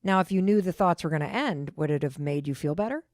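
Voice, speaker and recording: Middle-aged woman, podcast host, deep, emphatic and reassuring, dry sound. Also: lively intonation, fast, a little mellow, no room sound. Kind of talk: casual podcast conversation.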